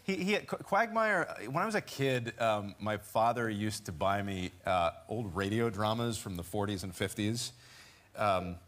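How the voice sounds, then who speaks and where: A man in his forties, a voice actor talking casually as a talk show guest, animated and quick to slip into character voices. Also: lowish voice.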